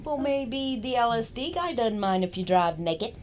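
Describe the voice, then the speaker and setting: A woman's voice: fairly high pitch, lively intonation, normal speed, a little hiss or hum. A woman co-hosting a casual podcast, playful and teasing, often giggling as she jokes. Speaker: podcast co-host. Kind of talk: casual banter.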